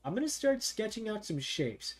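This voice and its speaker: A man streaming while he draws, chatting casually with viewers, thinking out loud and reading text aloud haltingly. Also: high-pitched, big pitch swings, breathy edge, faint music behind. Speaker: art streamer. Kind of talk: casual livestream chat while drawing.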